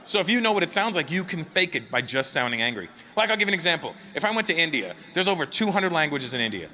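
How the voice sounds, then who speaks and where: A man's voice: on the high side, quick pace. A man doing a stand-up comedy routine on a club stage, telling stories and chatting with the crowd, acting out both sides of each exchange. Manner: animated, acts out both sides of conversations. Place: comedy club stage before a live audience. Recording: noisy live club recording.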